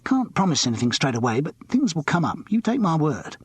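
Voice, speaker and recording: Brisk, chirpy agent type, businesslike; male reader pitching up, husky tone. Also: big pitch swings, no room sound. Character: brisk, wary man, a theatrical agent.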